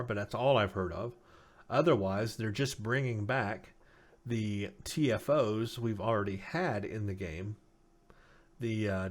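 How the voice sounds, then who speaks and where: Tired gaming news host, low voice. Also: male voice. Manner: casual, many ums and uhs, reads out ship stats. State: tired, losing his voice. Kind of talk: casual game news commentary.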